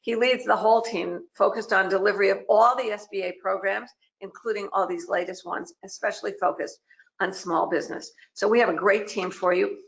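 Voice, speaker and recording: A brisk woman moderating a finance webinar over a video call, talking in a chatty, emphatic way and pushing her panelists with pointed questions. Her mid-pitched voice carries a gravelly edge of fry. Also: fairly even intonation, poor audio.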